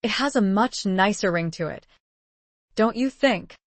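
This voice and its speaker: A woman's voice: mid-range voice, lively intonation, measured pace, dry recording. A woman doing a suave mocking pirate captain. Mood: teasing. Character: teasing aristocratic male pirate captain.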